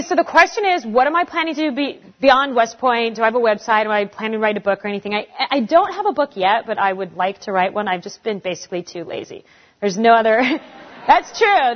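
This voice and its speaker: A woman in her forties answering audience questions in a casual, animated way, acting out the voices of people she quotes. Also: medium pitch. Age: 40s. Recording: dull lo-fi recording.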